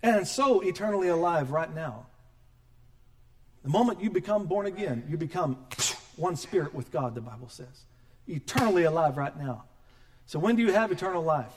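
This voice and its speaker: A middle-aged man preaching a sermon as pastor, animated and joking, acting out quoted voices. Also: fairly high pitch, moderate pace.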